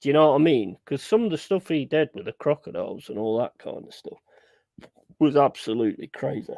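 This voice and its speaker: A young man chatting on a live stream in a gravelly voice. He is blunt and sweary, hammering his points home by repeating them, and the sound is close and dry. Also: medium pitch, lively intonation, a little fast, dark tone, dry recording. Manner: blunt, sweary, emphatic repetition. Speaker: streamer hosting a football watchalong. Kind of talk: casual live-stream chat.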